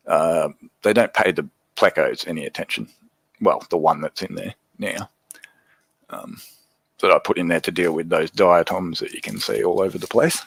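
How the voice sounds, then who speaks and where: A man with an Australian accent talks casually through a livestream, answering viewers in a loose, chatty way. His voice sits low and deep. The sound is dry and close, with no room echo. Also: normal speed, gravelly, husky. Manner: relaxed, chatty, reads and answers viewer comments. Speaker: livestream host.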